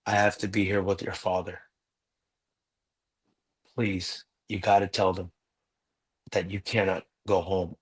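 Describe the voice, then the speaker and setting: A man's voice: sits low, flat delivery, measured pace, pauses often, husky. A man telling a personal story earnestly as a guest in a live interview.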